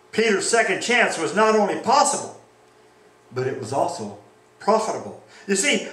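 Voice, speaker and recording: Animated preacher in an echoey church. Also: male voice, high-pitched, distant mic, slight background noise. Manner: animated preaching, acts out quoted scripture. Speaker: pastor. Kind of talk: sermon.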